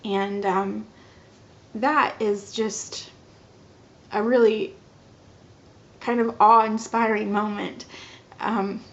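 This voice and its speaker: A young woman in her twenties telling a personal story to the camera in a casual vlog, animated and giggly, acting out the dialogue. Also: medium pitch, very slow, pauses often. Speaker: vlogger. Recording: slightly dull lo-fi audio.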